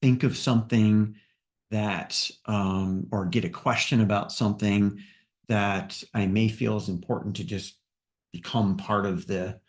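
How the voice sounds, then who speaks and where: A man, a buyer's agent guest, explaining his process in a thoughtful, halting way with restarts. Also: lowish voice, steady tone. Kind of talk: casual conversation.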